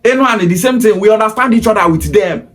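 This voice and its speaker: A man's voice: high voice, fast talker, fairly bright tone. A Nigerian man with a Pidgin-inflected English accent, delivering an emphatic, repetitive opinion monologue in a lecturing tone. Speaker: commentator.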